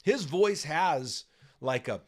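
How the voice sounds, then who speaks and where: A man co-hosting a casual music podcast, talking in a rambling, animated way with many restarts. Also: fairly high pitch, slow pace. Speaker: podcast co-host.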